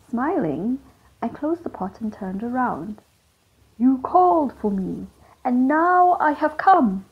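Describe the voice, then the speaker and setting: A woman narrating a first-person audiobook story in a wry, lively way. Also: medium pitch, slightly rough. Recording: dull lo-fi with loud noise.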